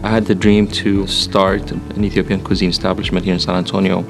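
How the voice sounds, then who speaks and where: A low, gravelly man speaks earnestly and plainly about starting his own restaurant. His voice stays flat and even, with music clearly heard under it. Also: fairly quick. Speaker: restaurant owner. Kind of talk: interview testimonial.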